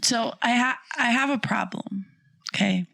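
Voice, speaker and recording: A woman in her thirties co-hosting a casual podcast chat, telling stories in an animated way and laughing often. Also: a little high, a little slow, creaky, dry recording. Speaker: podcast co-host.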